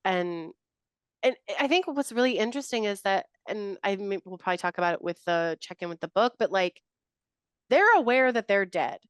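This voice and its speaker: Smooth-voiced woman analysing a film. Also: medium pitch, lively intonation, dry recording. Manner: engaged, quick, analytical, laughs often. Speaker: podcast co-host. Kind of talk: casual film discussion.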